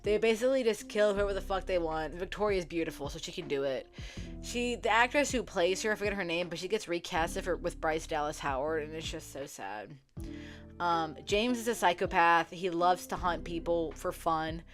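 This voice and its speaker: A young woman casually retelling a story to her viewers, chatty and profane, full of "like" fillers, acting out characters' lines in quick quotes. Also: lowish voice. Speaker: book vlogger. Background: faint background music.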